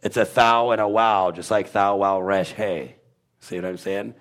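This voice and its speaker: A man with a somewhat low voice explains pronunciation in a loose, rambling way. He keeps stopping to sound out letters and strings of syllables for the listener. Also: fairly even intonation, measured pace, fairly bright tone. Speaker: guest explaining Hebrew pronunciation. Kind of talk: casual teaching talk.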